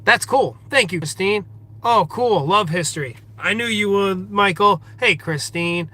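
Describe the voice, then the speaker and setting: A man's voice: high voice, unhurried, sharp tone. A man hosting a casual livestream outdoors in a forest, reading viewer comments aloud and greeting each viewer by name. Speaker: livestream host.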